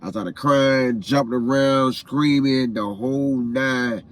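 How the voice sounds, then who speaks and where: Man, grieving vlogger, recounts loss in a heartfelt, looping way, phrases said over and over, mid-pitched voice. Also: slow, a little hiss or hum. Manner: repetitive, heartfelt retelling with phrases said again and again; emotional, grieving. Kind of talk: personal storytelling vlog.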